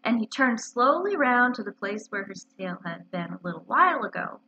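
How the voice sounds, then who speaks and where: Expressive woman reading a children's story. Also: fairly high pitch, normal speed, breathy edge. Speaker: librarian reading aloud. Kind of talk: children's story read-aloud. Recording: muffled lo-fi recording.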